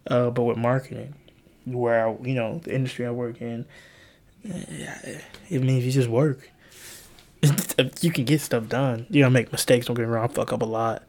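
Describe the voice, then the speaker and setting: A tired young man hosting a solo podcast, talking in a hushed, half-whispered way, rambling and swearing with little laughs. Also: medium pitch, steady tone, normal speed. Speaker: podcast host. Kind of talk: solo late-night podcast monologue.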